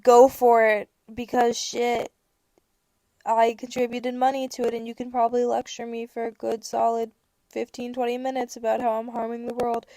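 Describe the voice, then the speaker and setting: A woman's voice: fairly high pitch, completely flat delivery, moderate pace, mellow, dry recording. A young adult woman hosting a podcast, telling a story in a casual chat with sarcastic rants and acted-out bits of dialogue. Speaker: podcast host.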